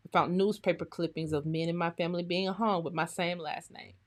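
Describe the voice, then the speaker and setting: A woman hosting a live stream as a historian, greeting viewers by name in a lively, chatty way before turning to a serious talk. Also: lowish voice, brisk. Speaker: livestream host and historian.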